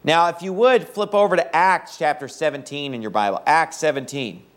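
A man's voice: fairly high pitch, moderate pace. A man preaching a sermon, reading scripture aloud and emphatically repeating his key points.

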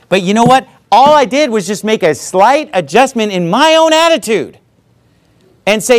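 Brief: male pastor, high and lively voice, emphatic conversational sermon. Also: fairly quick. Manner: emphatic, conversational preaching with repeated asides.

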